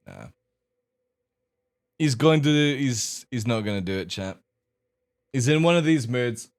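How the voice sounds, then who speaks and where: A man streaming live, chatting casually to his viewers and coaxing his dogs with a high sing-song voice. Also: very animated, a little slow, long pauses.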